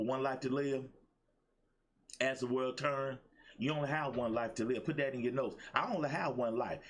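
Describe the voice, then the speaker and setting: A man hosting a live-streamed motivational show, preaching with excitement, repeating his lines for emphasis and greeting viewers by name. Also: mid-range voice. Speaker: host of a daily motivational show.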